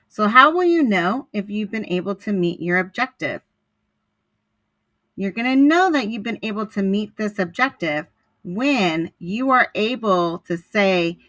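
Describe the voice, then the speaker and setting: A woman teacher giving a recorded lesson in a clear, deliberate instructional manner. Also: medium pitch, big pitch swings, fairly bright tone, dry recording.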